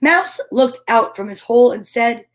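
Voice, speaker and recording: A woman reading a children's storybook aloud in a gentle, expressive way, adding chatty asides between pages. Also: on the high side, normal speed.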